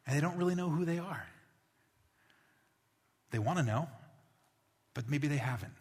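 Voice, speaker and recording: A man preaching a sermon as a pastor, in a lively, conversational way that acts out little scenes. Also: fairly high pitch, normal speed. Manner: animated, conversational preaching with acted-out voices. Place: church. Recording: long reverb of a church hall.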